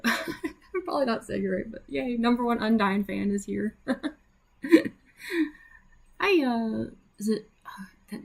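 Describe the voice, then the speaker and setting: Chatty young woman, gravelly edge. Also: a little high. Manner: chatty, lots of fillers and laughs, greets viewers. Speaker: livestreaming artist. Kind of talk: casual livestream chat.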